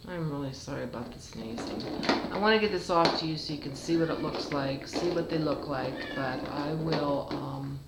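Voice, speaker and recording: A woman's voice: sits low, normal speed, roomy sound, heavy background noise. A cat breeder chatting fondly to her kittens in a casual home video, with baby talk in between.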